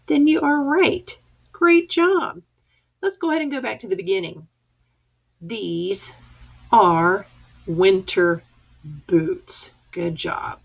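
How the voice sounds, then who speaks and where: A woman's voice: mid-range voice, vocal fry, husky. A woman teacher leading a reading lesson for young children, patiently sounding out letters and words. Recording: dull lo-fi recording.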